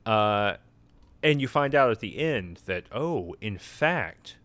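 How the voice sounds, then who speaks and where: A man's voice: fairly low pitch, lively intonation, slow, fairly bright tone, dry recording. A sleepy young man co-hosting a podcast, casually recapping a video game in a rambling, self-interrupting, amused way. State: sleepy, yawning. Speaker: podcast co-host.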